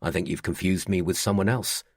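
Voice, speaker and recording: A man voicing a calm, firm male restaurant owner in an audiobook, speaking low and measured. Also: husky, no room sound, clean studio sound. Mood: steady. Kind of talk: audiobook character voice.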